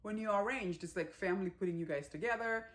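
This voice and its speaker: A woman's voice: mid-range voice, fast talker. Chatty woman recapping a movie. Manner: animated retelling with acted-out character quotes; chatty, many fillers. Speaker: movie reviewer.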